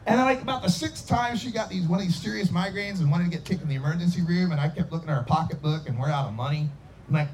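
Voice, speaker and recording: A man's voice: sits high, racing, a little mellow, a little hiss or hum. A man in his forties telling a rambling personal story in a casual way, acting out voices and sound effects as he goes. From Idaho.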